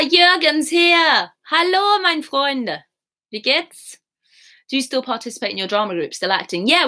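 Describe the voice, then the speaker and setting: A woman's voice: on the low side, a bit bright. A young woman chatting casually on a live stream, reading out viewer comments with a giggly, sing-song manner. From England. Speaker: YouTuber reading live chat.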